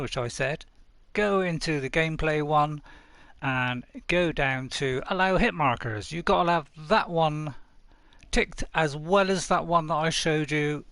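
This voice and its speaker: Guy rambling on a live game stream at home, kinda high voice, dry dead room sound. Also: fairly bright tone, dry recording. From United Kingdom. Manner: chatty, rambling, chuckles to himself. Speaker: gaming streamer. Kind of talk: casual live-stream chat. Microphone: desk mic close up.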